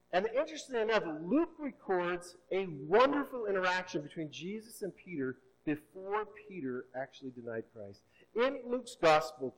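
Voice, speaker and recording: Man, pastor, sermon, high voice, dynamic swings from soft to loud, drawn-out emphasis. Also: low-quality recording. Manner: preaching with wide swings between soft and loud; slows and stretches key words for emphasis.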